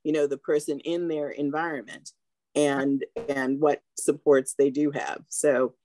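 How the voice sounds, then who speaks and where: A woman doctor on a talk show panel, speaking in a measured, thoughtful way. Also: sits low, little pitch movement, dark tone, slight background noise, poor audio.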